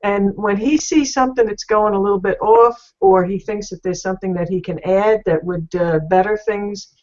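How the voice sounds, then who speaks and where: Woman, mid pitch, halting and earnest, lots of fillers, muffled video-call sound. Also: darkish tone. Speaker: panel guest, entrepreneur. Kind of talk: casual chat.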